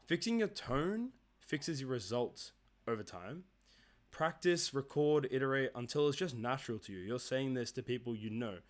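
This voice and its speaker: A man's voice: mid-range voice, animated, moderate pace. A man, giving a conversational coaching lesson on sales calls and often checking in with "right?" and "okay?". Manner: explains casually, often tags "right?" and "okay?".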